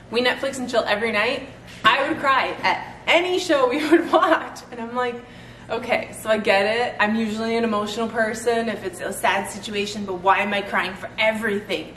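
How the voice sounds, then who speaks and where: A woman's voice: fairly high pitch, a bit bright, far from the mic. A woman in her thirties chatting casually in a vlog, laughing often as she talks. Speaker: fitness vlogger. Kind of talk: casual chat. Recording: roomy sound from off-mic, faint noise.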